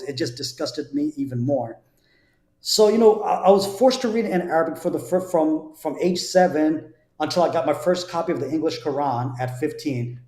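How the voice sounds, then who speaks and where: The speaker, a man from New Jersey, has a slightly high and slightly mellow voice as he shares his conversion testimony. He talks earnestly and conversationally, restarting with repeated words, in a recording with roomy echo.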